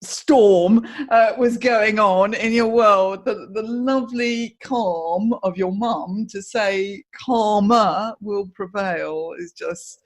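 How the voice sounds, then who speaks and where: A middle-aged woman hosts a podcast interview, chatting casually with plenty of fillers and restarts. Her voice is mid-range, and she speaks slowly with hardly any pauses.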